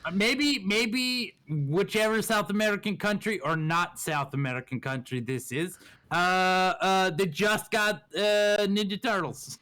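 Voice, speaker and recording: Slow-talking high-voiced male co-host. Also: pushed and bright. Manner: slow, joking, profane asides. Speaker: co-host watching the stream. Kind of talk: casual gaming banter.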